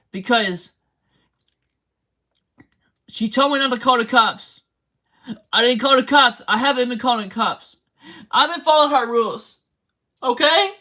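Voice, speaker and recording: A woman's voice: fairly high pitch, a bit bright. A tearful woman in a motel room, talking in an emotional livestream rant and asking the same pleading questions again and again.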